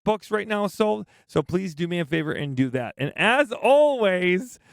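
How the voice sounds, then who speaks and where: A man's voice: fairly high pitch, animated, moderate pace, vocal fry, no echo, studio quality. A man hosting a podcast, chatting in a playful, jokey way. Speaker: podcast host. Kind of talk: casual podcast chat.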